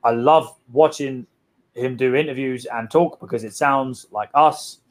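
A young man, co-hosting a casual podcast chat, excitable and sweary, rambling with lots of fillers. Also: medium pitch, a little slow. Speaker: podcast co-host.

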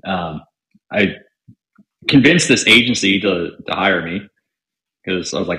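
Young guy, fairly low and bright voice, loose storyteller full of "like", in an echoey room. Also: moderate pace, pauses often. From Canada. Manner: chatty, filler-heavy, acts out quoted dialogue. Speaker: podcast guest, salesman. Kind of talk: casual storytelling. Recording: roomy echo.

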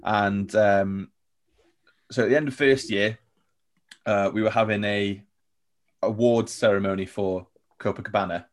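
Chatty young man with a low voice. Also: steady tone, measured pace, pauses often. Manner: chatty, laughs often, loose and rambling. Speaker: podcast guest. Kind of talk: casual storytelling chat.

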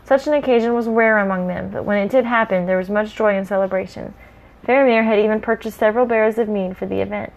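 A woman's voice: mid-range voice, fast talker, creaky, dull audio. Woman casually reading a story aloud. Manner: relaxed, chatty asides. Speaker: story reader.

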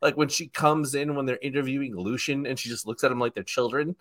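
A man co-hosting a casual podcast, animated and jokey, who likes to drop into silly voices. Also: mid-range voice, fast talker. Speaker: podcast co-host.

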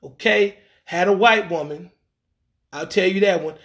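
A man telling a rambling dating story in a casual monologue, slangy and animated, acting out what people said. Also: high-pitched, measured pace. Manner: rambling, animated, acts out quoted lines; frequent fillers and restarts, slangy.

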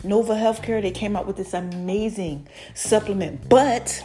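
A woman's voice: mid-range voice, normal speed, soft background music. A woman hosting her own podcast, giving a casual, effusive update to her followers, calling them y'all and baby. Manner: animated, effusive, addresses listeners as y'all and baby. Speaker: podcast host and brand owner.

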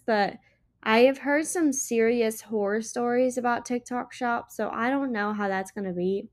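A young woman hosting a casual solo podcast, chatting in a rambling way with lots of filler words, tired and yawning. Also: on the high side. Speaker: podcast host and small business owner.

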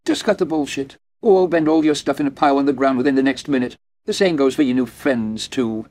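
A man's voice: medium pitch, fairly quick, a little mellow, pitched above the performer's own voice, natural voice. A man narrating an audiobook, voicing a menacing, volatile young woman who sneers and flares into sudden fury. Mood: sneering.

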